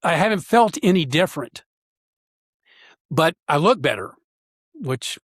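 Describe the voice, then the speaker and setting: A man's voice: a little high, sing-song, dry recording, studio quality. Earnest man telling a hard story. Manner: halting and earnest, with frequent pauses and fillers. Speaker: podcast guest. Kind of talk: personal storytelling interview.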